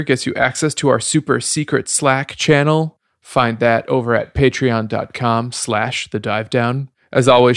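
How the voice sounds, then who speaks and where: A man's voice: medium pitch, fairly bright tone, dry recording. A young adult man reading a podcast's closing promos into a studio mic. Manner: reads sign-off promos briskly. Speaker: podcast co-host. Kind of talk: podcast outro and banter. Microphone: studio mic with headphones.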